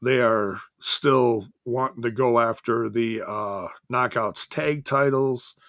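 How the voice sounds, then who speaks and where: A man's voice: medium pitch, slow pace, fairly bright tone, dry recording, clean studio sound. A man hosting a casual solo wrestling review, rambling and correcting himself as he goes, chuckling now and then.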